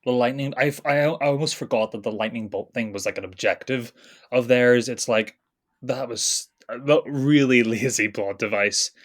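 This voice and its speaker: A man's voice: medium pitch, moderate pace. Man, podcast co-host, casual film chat, conversational, easy laughs. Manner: chatty, laughs between points.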